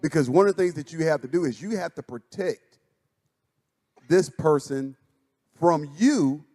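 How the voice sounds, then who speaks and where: Animated high-voiced pastor. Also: male voice, measured pace. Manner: animated storytelling, acts out quotes. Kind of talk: casual chat. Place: church stage.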